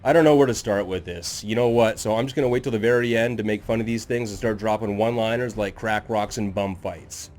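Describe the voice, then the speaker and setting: A man's voice: lowish voice, brisk, few pauses, darkish tone, soft background music. A man hosting his own channel, narrating scripted lore in a sardonic, jokey, self-deprecating way.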